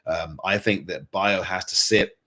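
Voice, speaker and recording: A man's voice: low voice, unhurried, sharp tone. A man hosting a fan show, giving earnest post-match commentary and repeating points for emphasis. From England.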